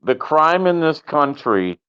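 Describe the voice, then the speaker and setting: A man's voice: a little high, sing-song, takes it slowly, a bit bright, clear, resonant tone. A male guest talking bluntly and with profanity in a casual chat, coming through a call. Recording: dull lo-fi call audio.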